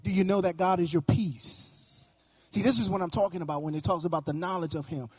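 Male pastor, sermon, high voice, husky, sing-song emphatic preaching. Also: steady tone, quick pace, a little mellow.

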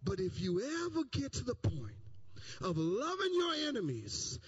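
A man's voice: high-pitched, huge pitch swings, normal speed, slightly rough, lo-fi sound. A man preaching a sermon, repeating phrases and rising into sung, chanted cadences. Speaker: pastor.

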